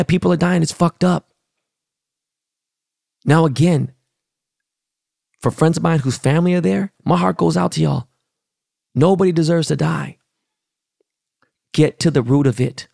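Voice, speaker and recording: A man's voice: on the high side, creaky, darkish tone, dry recording, studio quality. A middle-aged man from Los Angeles hosting a podcast, ranting in a blunt, profane, heated way. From Los Angeles, California. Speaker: podcast host. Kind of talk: casual rant.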